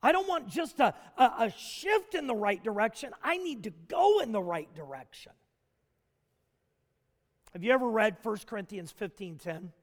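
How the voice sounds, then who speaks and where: A man preaching a sermon as a pastor, asking the congregation questions and building to shouts. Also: sits high, normal speed. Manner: animated preaching with rhetorical questions, rising to shouts. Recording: long hall reverb.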